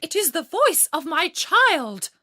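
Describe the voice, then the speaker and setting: A woman doing a shrill frantic chess queen. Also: very animated, slow pace, pushed and bright, no room sound, clean studio sound, exaggerated voice. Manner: shrieking, breathless cries.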